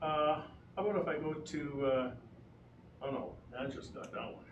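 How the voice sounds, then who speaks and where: A man's voice: on the high side, normal speed. A man, a school board trustee, speaking hesitantly and easygoing in a meeting. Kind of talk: casual meeting talk. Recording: dull, echoey, far mic, noisy.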